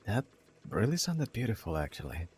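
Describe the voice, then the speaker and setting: A man voicing a calm frontier man in a western role-play, asking quiet, curious questions. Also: on the low side, moderate pace. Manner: quiet, curious, gently encouraging.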